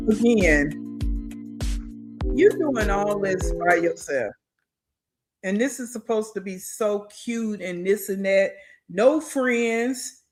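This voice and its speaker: A woman's voice: mid-range voice, a little mellow. A woman hosting a reaction commentary, blunt and incredulous, scolding the person in the clip. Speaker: commentary host.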